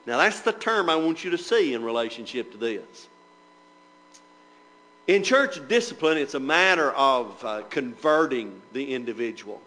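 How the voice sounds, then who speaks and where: A man's voice: medium pitch, expressive, moderate pace, bright, forceful tone, poor audio. A man preaching a Bible class sermon, asking the listeners rhetorical questions and reading scripture aloud in old-fashioned wording. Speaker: preacher teaching church members.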